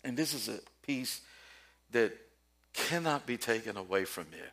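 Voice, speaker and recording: A man preaching a sermon with passion, swinging between quiet storytelling and loud, rising questions to his listeners. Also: medium pitch, animated, moderate pace.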